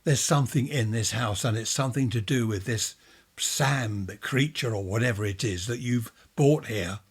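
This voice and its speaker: A man's voice: mid-range voice, normal speed, slightly rough, natural voice. A man reading a ghost story, voicing an exasperated father who storms and blusters. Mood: angry. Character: angry worried father, blustering.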